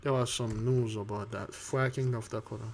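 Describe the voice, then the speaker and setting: Male online commentator, halting delivery, many fillers, preachy asides, mid pitch. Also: fairly even intonation, darkish tone, slight background noise. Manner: halting, many fillers and restarts, reads news aloud; preachy, addresses listeners as beloved. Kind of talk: casual spoken commentary.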